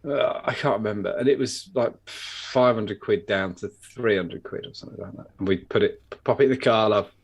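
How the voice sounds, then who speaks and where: A man's voice: fairly low pitch, normal speed, creaky, few pauses, breathy edge. A British man chatting casually, joking and swearing freely through his stories. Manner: swearing, jokey banter. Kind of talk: casual chat.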